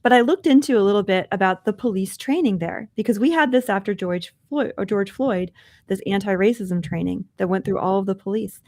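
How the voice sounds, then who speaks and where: A woman's voice: mid-range voice, fairly quick, darkish tone. A woman co-hosting a podcast, earnestly recounting a news story in conversational commentary. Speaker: podcast co-host.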